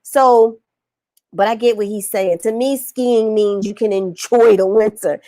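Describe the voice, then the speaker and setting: Speaking a little slowly at medium pitch with no room sound, a woman business coach delivers an animated, preachy motivational livestream in colloquial style. She reads comments aloud, calls viewers y'all, and is recovering from illness on antibiotics.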